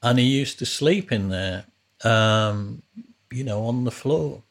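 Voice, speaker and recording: A man's voice: mid-range voice, slow. Rambling male storyteller. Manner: rambling, with frequent restarts. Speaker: podcast host and musician. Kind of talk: casual storytelling.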